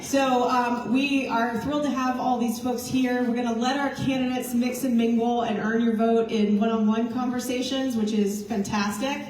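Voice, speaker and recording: A woman's voice: on the high side, level tone, moderate pace, few pauses, a little mellow, slight background noise. A woman party chair, tired from little sleep, talking casually to a crowd in a rambling, self-mocking way and laughing between thoughts. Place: large indoor meeting room with a crowd. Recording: echoey hall, voice from far off.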